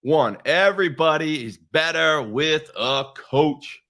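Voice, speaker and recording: High, bright, animated male host. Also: takes it slowly. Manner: animated storyteller, acts out quoted dialogue. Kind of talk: energetic show introduction.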